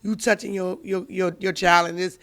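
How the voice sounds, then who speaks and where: A woman's voice: fairly low pitch, level tone, moderate pace, fairly bright tone. A middle-aged mother, telling stories in a dramatic, casual way. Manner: dramatic storyteller, acts out quotes. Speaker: guest, mother. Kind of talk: casual chat.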